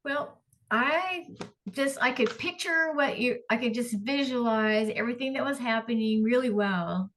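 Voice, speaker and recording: A woman, a writing student, giving warm and hesitant feedback on a classmate's story over a video call. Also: a little high, unhurried, a little hiss or hum.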